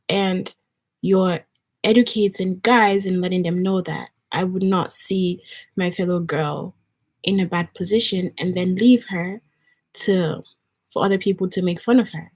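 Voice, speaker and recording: Husky-voiced woman from Nigeria chatting. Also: lowish voice, a little mellow. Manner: earnest, conversational, rambling with fillers. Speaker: vlogger. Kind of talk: casual storytelling chat.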